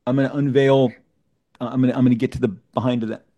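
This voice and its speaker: A man in mid-range pitch tells a long story as an interview guest. He is animated and often trips over his words, restarting phrases and repeating himself as he pushes ahead. The recording is dry and close, with no room around it. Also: fast talker, dry recording. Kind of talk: casual anecdotal storytelling.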